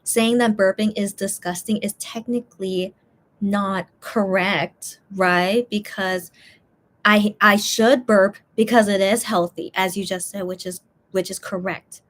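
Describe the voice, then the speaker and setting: A woman streamer chatting casually while eating, reading viewer comments and rambling with lots of repeated words, tired and full. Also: a little slow. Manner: rambling, repeats words, lively swings in pitch.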